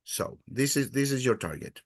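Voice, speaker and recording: A man's voice: medium pitch, very animated, vocal fry. Patient man teaching, full of "uh"s. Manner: halting, with many "uh" fillers; patient and encouraging. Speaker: Spanish teacher. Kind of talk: teaching a beginner language class.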